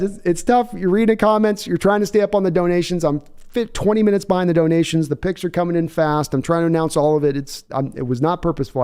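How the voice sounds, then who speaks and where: A man's voice: on the high side, a little mellow, clean tone. Man hosting a live reaction stream. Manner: rambling, self-deprecating, laughs often. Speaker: livestream host.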